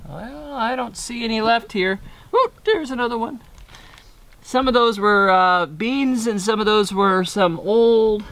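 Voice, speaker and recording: A man's voice: high voice, fairly bright tone. A man chatting goofily and cheerfully in a casual vlog while planting seeds in an outdoor vegetable garden. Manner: chatty, goofy, upbeat. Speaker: gardening YouTuber.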